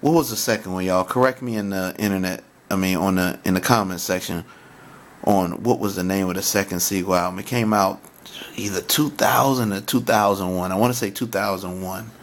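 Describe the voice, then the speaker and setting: A man talking casually to his viewers about hip-hop, excited and often stammering as he restarts his sentences and recites favorite lines. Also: low-pitched, a little fast.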